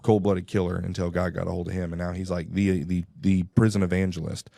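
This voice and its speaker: A man's voice: low voice, little pitch movement, brisk, creaky, mellow, dry recording. A man telling a personal story on a radio show in a casual, rambling way. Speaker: guest. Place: radio studio.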